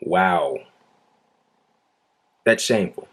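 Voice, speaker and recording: A man's voice: deep voice, animated, extremely slow, fairly bright tone, slight background noise. A man giving indignant reaction commentary on a news video, talking earnestly with frequent fillers like "um" and "you know.".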